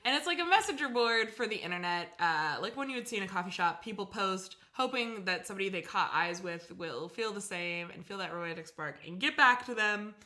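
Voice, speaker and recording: A woman's voice: mid-range voice, animated, sharp tone. A young woman co-hosting a podcast, riffing and laughing in casual banter. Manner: giggly, quick riffing, explains at length. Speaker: podcast co-host.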